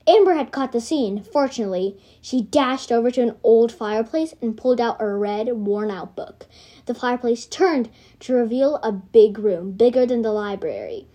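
A woman's voice: on the high side, animated, moderate pace, dark tone. A woman reading her homemade storybook aloud, rambling into self-correcting asides.

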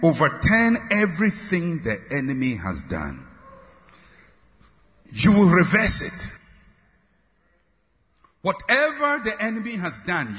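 A male preacher with a high, bright voice that swings widely as he leads call-and-response. He drives his points home with repeated, forceful declarations that rise to shouts, and his voice rings through a reverberant hall. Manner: emphatic, call-and-response with congregation; repetitive declarations building to shouts. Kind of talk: sermon.

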